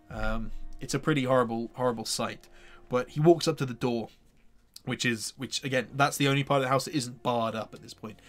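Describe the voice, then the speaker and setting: A man's voice: medium pitch, a bit bright. Hesitant male game master narrating. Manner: hesitant, full of fillers and restarts.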